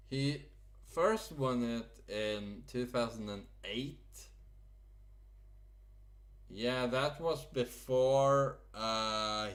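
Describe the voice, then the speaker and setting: Slow, hesitant man talking football. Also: lowish voice, a bit bright. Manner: slow, hesitant, many fillers and pauses. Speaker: football vlogger. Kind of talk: casual unscripted commentary.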